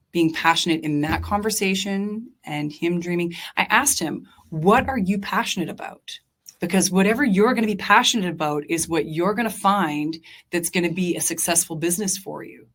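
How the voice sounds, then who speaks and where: A woman's voice: lowish voice, normal speed, fairly bright tone. A young adult woman, a diner owner and chef, talking earnestly and passionately as a podcast guest, with many fillers and restarts. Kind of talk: casual interview chat.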